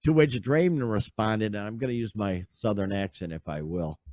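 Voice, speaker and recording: A man's voice: on the low side, moderate pace, a little mellow, slight background noise. A man hosting a podcast, rambling and exasperated in casual chat. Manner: rambling, exasperated, lots of fillers and sighs. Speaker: podcast host.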